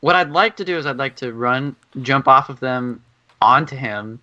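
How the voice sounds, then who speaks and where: A man's voice: medium pitch, moderate pace, sharp tone, highs cut off. A man playing a tabletop game, talking casually and asking questions about his moves. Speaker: player.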